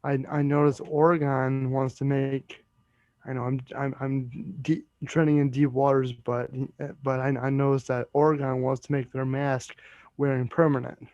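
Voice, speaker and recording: A man's voice: medium pitch, flat delivery, a little mellow, dry recording, highs cut off. A man chatting casually on a live stream, speaking hesitantly and stumbling over his words. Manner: hesitant, halting.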